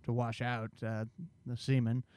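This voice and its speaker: A man with a smooth, resonant voice walks through a movie's story in relaxed podcast chat. The sound is close and dry, with no room around it. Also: mid-range voice, a little slow, dry recording. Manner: conversational, explains plot at length. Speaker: podcast co-host summarizing a film. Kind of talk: casual film discussion.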